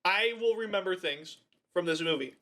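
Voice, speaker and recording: A man's voice: high voice, normal speed. A man co-hosting a podcast, reviewing a movie in casual chat, swearing freely and laughing as he acts out scenes. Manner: profane, animated, laughing storyteller. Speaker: podcast co-host.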